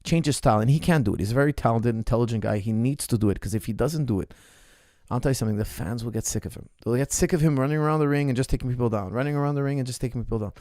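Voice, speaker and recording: A man's voice: medium pitch, rapid-fire, dark tone, no echo, studio quality. A man, an MMA coach, recapping a fight in casual podcast talk, emphatic and repeating his points.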